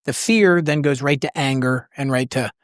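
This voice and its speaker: A podcast host talks easily in a mid-range voice, answering the guest with a story from their own life. The delivery is relaxed and conversational. The sound is dry and close to the mic. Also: mid-range voice, normal speed, no echo. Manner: relaxed, relates through personal anecdotes. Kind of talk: casual conversational interview.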